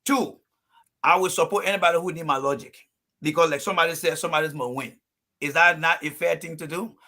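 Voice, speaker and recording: A man's voice: fairly high pitch, quick pace, bright, forceful tone. A man from Liberia speaking on a call-in panel show, making his points emphatically and laying them out in numbered phases. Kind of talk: heated call-in panel talk.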